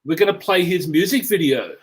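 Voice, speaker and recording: A man co-hosting a live show, relaxed and mostly giving short agreeing replies. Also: high voice, a little fast, husky. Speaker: co-host. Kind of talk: casual live show chat.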